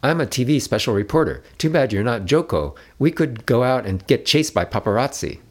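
A man voicing a playful, confident teenage girl who talks in brash, lively slang. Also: mid-range voice, fairly quick, voice pushed up, lightly acted. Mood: teasing.

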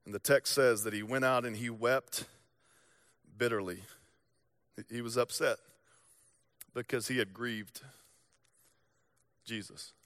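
A young man preaching a sermon, telling stories and acting out voices, swinging from loud to hushed. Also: mid-range voice, steady tone, slow, pauses often, dry recording, clean studio sound. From American South. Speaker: pastor.

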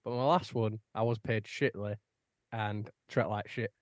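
A man's voice: fairly low pitch, steady tone, moderate pace, dry recording, studio quality. A young man, telling stories in casual chat with laid-back swearing.

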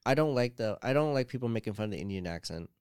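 A man's voice: fairly low pitch, lively intonation, fast, darkish tone, clear, resonant tone, dry recording, clean studio sound. A man in casual chat, telling stories in a rambling way full of "like" and quoted asides.

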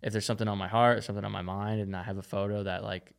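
A man's voice: lowish voice, little pitch movement, rapid-fire, creaky, smooth. A young man, a BMX rider, chatting casually as a podcast guest, laid-back and laughing often, with lots of filler "like". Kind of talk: casual interview chat.

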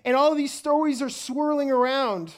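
A woman preaching a sermon in an energetic way, often stumbling and repeating words as she goes. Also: high voice, moderate pace.

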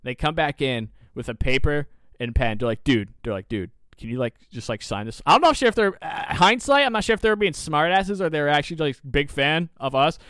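Young guy podcast host, smooth clear voice, dry close mic, swears a lot and rambles through stories. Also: fairly high pitch, dry recording. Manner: profane, rambling, animated storyteller. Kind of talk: casual chat, storytelling.

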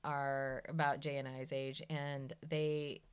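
A woman's voice: a bass voice, level tone, slow pace, clean tone. A young woman co-hosting a podcast in a casual, chatty and playful way. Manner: chatty, playful, quotes others. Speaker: podcast co-host. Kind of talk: casual chat.

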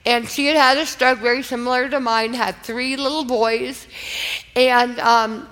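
A woman with a bright, high voice tells a personal faith story to a live audience. She speaks earnestly and with feeling, in a loose conversational manner. Her voice rings out with a long hall reverb from the venue. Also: fairly even intonation, measured pace. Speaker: guest speaker.

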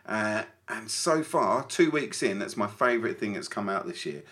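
A man co-hosting a podcast, chatting casually in an animated way with stumbling restarts. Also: on the low side, moderate pace. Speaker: podcast co-host. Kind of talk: casual chat.

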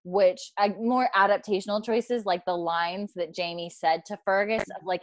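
A woman hosting a casual fan discussion, animated and acting out lines she quotes, with plenty of fillers. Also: mid-range voice, normal speed, hardly any pauses. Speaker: podcast host.

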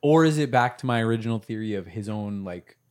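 A man's voice: on the low side, animated, fast talker, clean tone. A man co-hosting a casual book discussion podcast, thinking aloud through his theories. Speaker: podcast co-host.

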